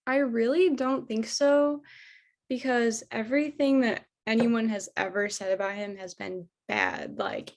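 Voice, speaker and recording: A woman's voice: fairly high pitch, expressive, measured pace. Chatty young woman, lots of "like". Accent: Michigan. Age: young adult. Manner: chatty, heavy use of "like" and "um". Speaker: interviewee, former door-to-door sales trainer. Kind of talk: casual interview recounting.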